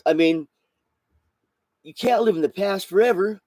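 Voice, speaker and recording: A man's voice: sits high, a little slow, darkish tone, dry recording. A man hosting a solo podcast, ranting in a heated, profane way with many repeats and restarts. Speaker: podcast host.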